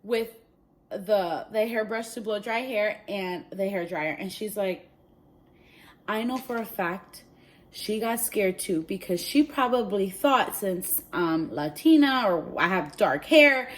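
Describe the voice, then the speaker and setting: A pregnant woman vlogging, telling a story to camera in an animated, chatty way, often saying "like" and "literally.". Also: mid-range voice, slow.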